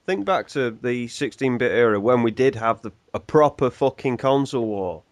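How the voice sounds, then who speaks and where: A man's voice: medium pitch, lively intonation, normal speed, no room sound. A man from the UK, a podcast co-host telling stories in a profane, casual way. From United Kingdom. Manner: profane, storytelling. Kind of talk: casual ranting podcast chat.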